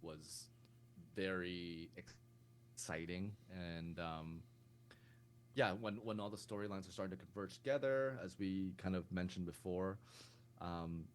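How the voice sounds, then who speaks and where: A man's voice: sits low, a little slow, a little hiss or hum. A man co-hosting a podcast, rambling in casual chat with many fillers. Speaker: podcast co-host.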